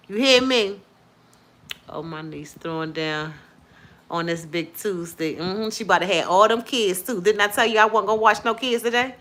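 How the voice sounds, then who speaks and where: A middle-aged woman hosting a casual live stream, lively and preachy, praising God between her chatter. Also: mid-range voice, moderate pace. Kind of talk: casual chat with viewers and callers.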